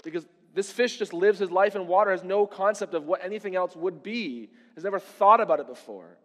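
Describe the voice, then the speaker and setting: A pastor with a high-pitched, slightly bright voice delivers a sermon at a fairly quick pace, his words ringing out in the long reverb of a large church sanctuary. He speaks conversationally to the congregation and keeps posing rhetorical questions.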